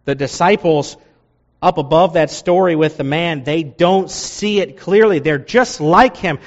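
Expressive male preacher, lo-fi sound. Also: a little slow. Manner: expressive, rising loud and high for emphasis, dropping low for asides. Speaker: pastor. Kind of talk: sermon. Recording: dull lo-fi sound.

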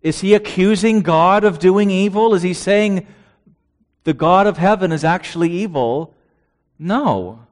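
Slow, deliberate male preacher. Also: high voice. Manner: asks rhetorical questions and reads out scripture verses. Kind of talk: sermon.

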